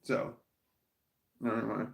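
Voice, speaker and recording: Taking it slowly in an echoey room, an American man reads out live chat on his stream. He rambles and curses, frequently starting his sentences over, in a casual livestream chat.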